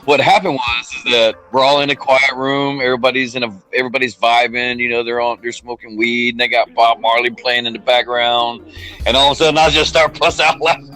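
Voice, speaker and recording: Animated, bright-voiced storytelling man. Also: medium pitch, brisk, rough recording. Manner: animated, swearing, acts out quoted voices. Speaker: podcast co-host. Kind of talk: casual storytelling chat.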